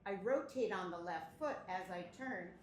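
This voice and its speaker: A woman's voice: mid-range voice, animated, moderate pace. Woman teacher in a roomy studio. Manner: precise, demonstrates while counting. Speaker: dance instructor. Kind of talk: explaining dance technique. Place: dance studio. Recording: roomy, away from the mic.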